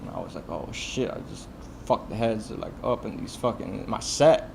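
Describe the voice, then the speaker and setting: A man's voice: lowish voice, moderate pace, vocal fry, darkish tone, a little hiss or hum. Laid-back man telling set stories. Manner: loose, profane, full of "like" and "you know". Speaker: film director guest. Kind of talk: casual podcast storytelling.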